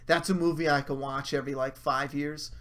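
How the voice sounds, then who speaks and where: A man hosting a casual livestream, his voice sitting a touch high for a man. He swears freely and works himself up into heated rants full of mocking asides, then answers viewer chat in an easy, offhand way. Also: steady tone, a little fast, a bit bright.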